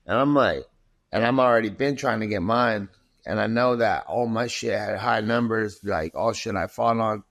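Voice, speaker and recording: A man in his thirties, a fighter guest, telling stories in a profane and animated way in a casual interview. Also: fairly low pitch, moderate pace, dry recording.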